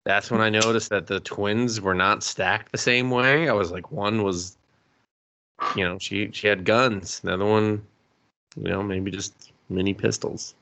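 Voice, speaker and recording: Sarcastic, swearing podcast host. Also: male voice, on the low side, steady tone, a little slow, bright, forceful tone, slight background noise. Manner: swearing, sarcastic, laughs often. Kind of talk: casual chat.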